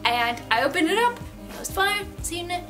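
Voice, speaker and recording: A woman with a high, light voice tells a short awkward anecdote, breezy and bemused. Clear music plays behind her. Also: very animated, moderate pace. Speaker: storyteller. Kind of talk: personal anecdote.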